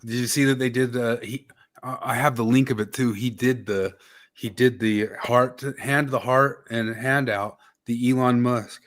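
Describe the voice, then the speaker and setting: A man's voice: mid-range voice, steady tone, normal speed, a bit bright. A man hosting a casual political chat, rambling along and sometimes losing his train of thought. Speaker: podcast host.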